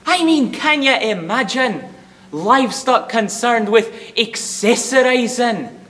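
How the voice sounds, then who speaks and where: A man's voice: extremely high pitch, lively intonation, slow pace, pushed and bright, a little hiss or hum, full character voice. A young man playing a grumbling, self-pitying Scottish shepherd in a put-on Scottish accent, performing a humorous interpretation piece. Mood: ranting. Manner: ranting, self-pitying, theatrical. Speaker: student competitor.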